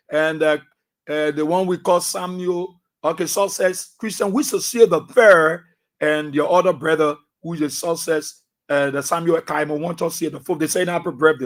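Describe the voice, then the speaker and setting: A middle-aged man with a Liberian English accent, hosting a radio talk show with emphatic, repetitive commentary. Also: a little high. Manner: emphatic, repetitive, swings between soft asides and loud outbursts.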